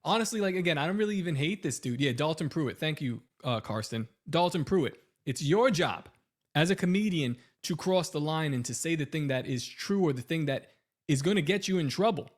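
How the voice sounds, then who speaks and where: A man's voice: on the high side, animated, fairly quick. Ranting man podcast co-host. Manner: heated, rising into loud ranting. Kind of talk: casual podcast rant.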